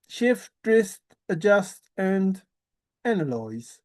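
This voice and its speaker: A man's voice: high voice, lively intonation, moderate pace, darkish tone. A man rambling in a teasing, giggly solo monologue, often laughing and repeating words. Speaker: treasure-hunt video maker.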